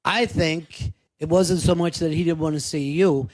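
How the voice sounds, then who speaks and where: A man's voice: a little high, fairly even intonation, normal speed. A man hosting a podcast, offering earnest, reflective thoughts and swearing casually in candid conversation.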